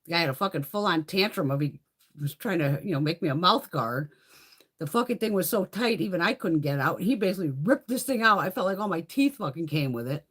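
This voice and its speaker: A woman's voice: on the low side, expressive, brisk, fairly bright tone, slightly rough. A woman hosting a casual beauty livestream, telling blunt, profane stories and laughing often as she chats with viewers. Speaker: beauty vlogger hosting a live haul stream. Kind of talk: casual livestream chat and storytelling.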